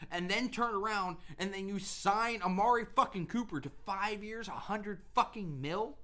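A woman co-hosting a casual sports podcast, ranting in an animated, profane way and laughing often. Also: mid-range voice, normal speed, hardly any pauses. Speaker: podcast co-host.

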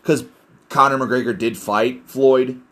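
Slow, rambling young man cussing freely. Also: mid-range voice, fairly even intonation, a bit bright. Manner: rambling, heavy cussing, self-deprecating. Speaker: podcast host. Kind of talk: casual solo podcast rant.

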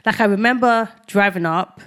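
A woman's voice: medium pitch, normal speed, a bit bright. Young woman, podcast co-host, casual and chatty, lots of ums and laughs. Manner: chatty, many fillers, laughs often. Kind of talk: casual chat.

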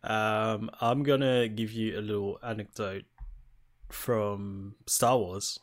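A man's voice: on the low side, steady tone, takes it slowly. A man co-hosting a gaming podcast, chatting casually and loosely about a game. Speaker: podcast co-host. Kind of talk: casual chat.

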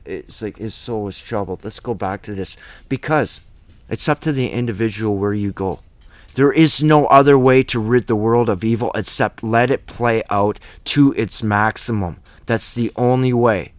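A man's voice: lowish voice, no echo. A man teaching a Bible study in a blunt, emphatic way, with slangy asides between verses.

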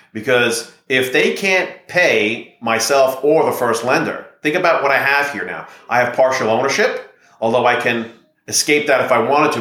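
A man's voice: mid-range voice, sharp tone, echoey room. A middle-aged man, a real estate investor and podcast guest, talking in a confident, persuasive way. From United States. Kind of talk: podcast interview storytelling.

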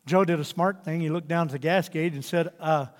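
A man's voice: a little high, fairly even intonation. A man, a pastor, telling a story and praying in an earnest, emphatic sermon in a large church auditorium. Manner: earnest, emphatic preaching with drawn-out phrases. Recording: long hall reverb with faint music.

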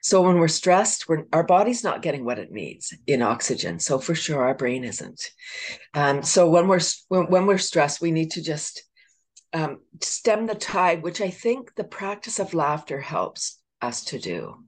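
A woman with a Canadian accent, a laughter coach chatting as a guest, animated and laughing often as she acts out little voices. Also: deep voice, measured pace, breathy edge. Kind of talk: casual podcast interview.

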